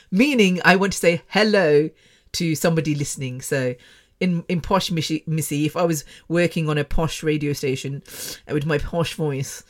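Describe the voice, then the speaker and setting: A woman's voice: deep voice, fairly bright tone. A woman from England in her forties, a former radio presenter hosting her own podcast in a chatty, self-mocking way, laughing often. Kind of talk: casual monologue.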